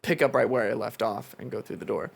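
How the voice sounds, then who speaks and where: He's a man in his twenties co-hosting a podcast, talking in a loose and rambling way. He swears freely and sits at a middle pitch. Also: quick pace, creaky. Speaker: podcast co-host. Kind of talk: casual chat.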